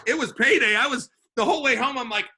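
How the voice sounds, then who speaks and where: A man, a sales manager and podcast guest, telling an animated story and acting out the dialogue with voices. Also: extremely high pitch, quick pace, a little hiss or hum. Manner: acts out the dialogue in his stories with voices. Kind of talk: animated storytelling in casual chat.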